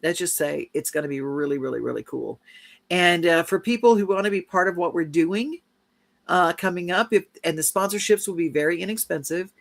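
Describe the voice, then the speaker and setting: A woman's voice: fairly low pitch, a little fast, gravelly. A woman co-hosting a podcast, talking enthusiastically in casual chat about travel and upcoming plans. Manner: enthusiastic, promotional. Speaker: podcast co-host.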